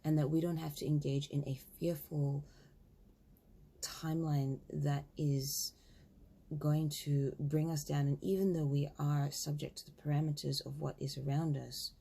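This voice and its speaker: A woman's voice: deep voice, level tone, a little slow, creaky, warm tone, breathy edge. A woman in her thirties telling a story casually, acting out both sides of a conversation. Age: 30s. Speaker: spiritual vlogger.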